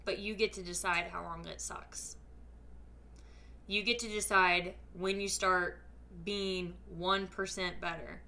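This woman's voice sits lowish and stays steady, slow and bright with a forceful edge. As a podcast host, she gives listeners an earnest, emphatic faith-based motivational talk in a casual style heavy with fillers.

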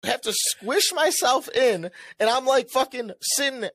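A young man co-hosting a podcast, telling a story in casual chat. He swears a lot and acts out what he said with a rising, animated voice. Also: very high-pitched, unhurried, no room sound. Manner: animated, swears often, acts out his own lines with a rising voice. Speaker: podcast co-host.

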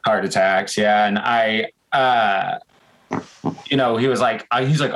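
A man, a band member guesting on a show, telling an excited, rambling story with many fillers. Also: mid-range voice, moderate pace, poor audio. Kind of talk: casual interview chat, storytelling.

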